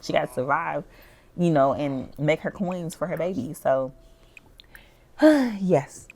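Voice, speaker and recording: A woman's voice: low-pitched, slow, darkish tone. A woman chatting animatedly as she narrates life-sim gameplay, often saying "like". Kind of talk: casual storytelling over life-sim gameplay.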